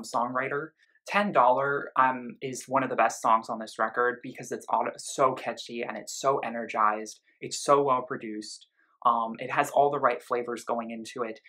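Bright-voiced man reviewing an album. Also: mid-range voice, low-quality recording. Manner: talks in loose bursts with many "um" and "you know" asides, engaged and explanatory. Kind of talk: casual spoken album review.

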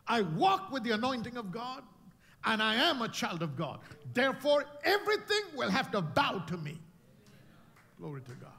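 A man preaching a sermon as pastor, rising to shouted declarations and dropping to low, emphatic lines. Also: long reverb tail. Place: church sanctuary.

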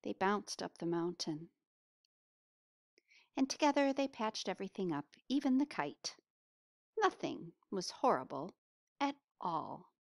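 A woman reading a picture book aloud to children, pausing to ask them questions. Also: mid-range voice, no echo, studio quality. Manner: asks listeners questions, expressive. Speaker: storybook reader.

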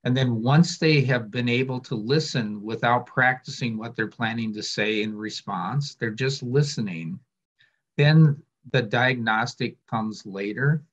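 A man speaking on a webinar, explaining in a measured, deliberate way over a video call. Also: mid-range voice, husky. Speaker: webinar presenter. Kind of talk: explanatory panel talk. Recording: muffled lo-fi call audio.

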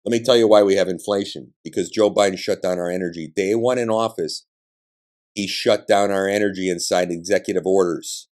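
A man's voice: deep voice, steady tone, a little fast, darkish tone. A man hosting a podcast, delivering a combative political monologue with blunt, emphatic ranting and profanity. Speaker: podcast host.

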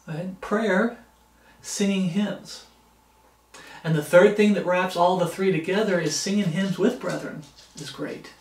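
Earnest high-voiced man preaching, echoey. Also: distant mic. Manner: earnest, repetitive, halting with restarts. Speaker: ministry preacher. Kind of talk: informal devotional talk.

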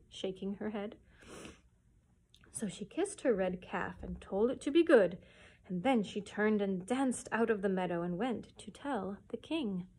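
A woman librarian reading a children's chapter book aloud at story time, in an expressive, lively storytelling manner. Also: mid-range voice.

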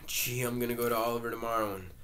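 A man in a casual play read-through voicing a restless, unsure young adult son who speaks hesitantly and haltingly. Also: medium pitch, level tone, fairly bright tone, natural voice.

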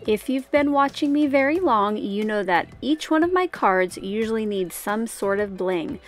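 A woman talks through her handmade cards step by step in a friendly, chatty voice-over at an ordinary mid pitch. Faint music plays quietly behind her. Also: lively intonation, normal speed. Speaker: card-making channel host. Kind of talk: casual crafting tutorial voice-over.

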